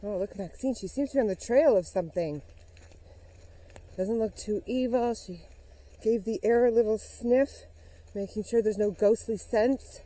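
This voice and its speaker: A woman's voice: on the high side, moderate pace, dark tone, rough recording. A woman vlogging outdoors on a forest trail, narrating a playful mock-spooky investigation and talking to her dog, a little out of breath. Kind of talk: mock-serious investigation vlog.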